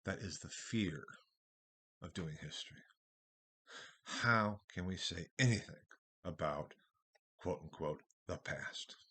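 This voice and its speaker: A man giving a recorded university history lecture, talking in a discursive way with wide swings in loudness and a husky voice. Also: low-pitched, slow pace, pauses often.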